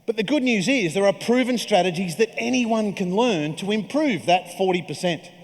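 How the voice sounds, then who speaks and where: A man's voice: high-pitched, animated, moderate pace. Jokey man giving a keynote. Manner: jokey, conversational storytelling. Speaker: keynote speaker. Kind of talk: keynote speech. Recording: reverberant hall.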